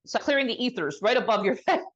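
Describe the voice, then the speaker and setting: A woman sound healer guiding an energy healing session, talking slowly and soothingly. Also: a little high, expressive, slightly rough, lo-fi sound.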